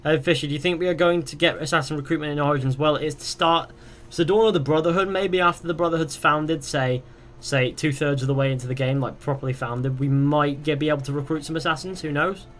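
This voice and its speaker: A man's voice: fairly high pitch, fairly even intonation, quick pace, hardly any pauses, fairly bright tone. Rambling young male gaming streamer. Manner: rambling, reads chat questions aloud and answers them. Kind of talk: casual live-stream chat.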